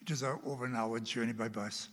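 A man's voice: medium pitch, fairly even intonation, a bit bright. An elderly man preaching a sermon, telling a story from his boyhood and dropping to a whisper for emphasis. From Wales. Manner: slow, dramatic, drops to a whisper for emphasis. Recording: long hall reverb.

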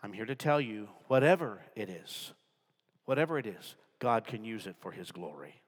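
Man, pastor, sermon, whispers then loud emphatic preaching, long church reverb. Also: medium pitch. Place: large church with balcony.

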